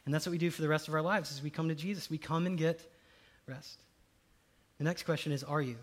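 A male pastor preaching a conversational sermon, swinging between loud emphatic lines and soft hushed ones. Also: a little high, steady tone, fast talker.

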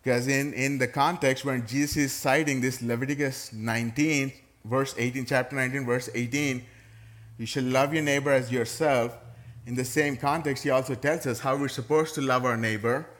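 A man's voice: mid-range voice, fairly even intonation, normal speed, a bit bright. A middle-aged man, a pastor preaching a sermon to his church in a conversational way, with touches of playful sarcasm.

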